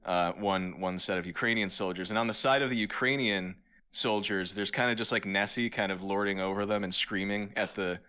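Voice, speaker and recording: A man's voice: on the low side, steady tone, brisk, sharp tone, clear, resonant tone. A man co-hosting a podcast who laughs easily and talks with many fillers and restarts. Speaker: podcast co-host. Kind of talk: casual comedic chat.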